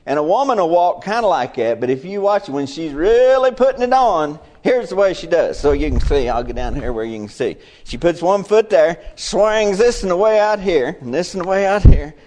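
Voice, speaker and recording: A middle-aged man preaching a fiery Bible sermon. He drops to low murmurs, then bursts into loud exclamations. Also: animated, normal speed, few pauses, a little hiss or hum.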